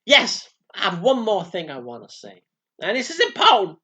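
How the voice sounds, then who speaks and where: A man's voice: high voice, wildly swooping pitch, normal speed, sharp tone, breathy edge, exaggerated voice. A man voicing a brash, flamboyant, foul-mouthed male showman spirit in a comic channeling sketch, talking in a camp, boastful way. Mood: preachy.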